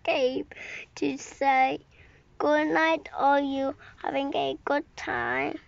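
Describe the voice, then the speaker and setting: A woman's voice: high voice, steady tone, drawn-out words, vocal fry, no echo, exaggerated voice. A woman reading as a kind, friendly grown-up. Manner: gentle and friendly. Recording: dull lo-fi recording.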